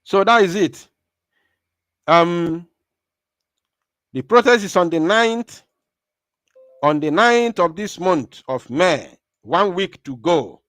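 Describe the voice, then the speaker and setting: A man's voice: sits high, expressive, slow pace, pauses often, fairly bright tone, no echo. A man hosting a live stream, speaking in an emphatic, rallying way and often repeating himself.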